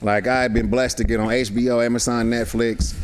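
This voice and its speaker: A man's voice: mid-range voice, fairly quick, slight background noise. A man, a guest actor and comedian, telling stories in a casual chat and acting out the voices of people in them. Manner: animated, acts out voices in his stories. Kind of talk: casual storytelling.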